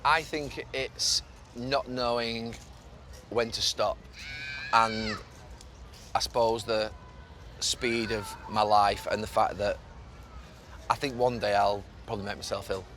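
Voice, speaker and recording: A man's voice: on the low side, steady tone, slow, long pauses, fairly bright tone, slight background noise. A man from the north of England, talking earnestly in a casual conversation while walking and repeating words as he thinks. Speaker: podcast host and pundit. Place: city park outdoors with traffic.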